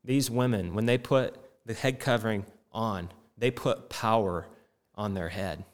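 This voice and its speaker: A man's voice: fairly low pitch, unhurried. A middle-aged man preaching a sermon with impassioned, rising and falling delivery. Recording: long reverb in a hall.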